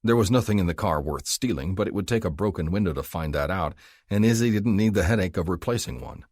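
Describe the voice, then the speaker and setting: A man narrating a romance audiobook in an expressive, measured reading style. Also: sits low, no echo, clean studio sound. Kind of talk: scripted narration.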